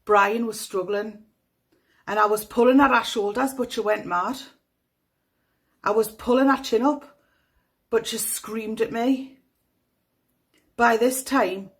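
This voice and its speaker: A woman with a Northeast English accent reading aloud a young girl's statement to the police, in a matter-of-fact voice. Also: on the high side. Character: young girl giving a flat police statement.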